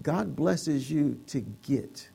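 A man's voice: a little high, animated, extremely slow, vocal fry, dark tone, slightly rough. A man preaching a sermon, playful, acting out the voices of people giving grudgingly as an object lesson. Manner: playful, acts out voices of reluctant givers.

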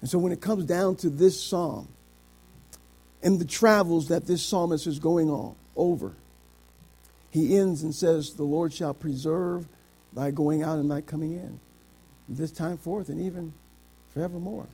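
A middle-aged man preaching a sermon, quoting scripture in old biblical wording and swinging between shouted climaxes and quiet, low passages. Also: measured pace, pauses often. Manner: quotes scripture in King James wording.

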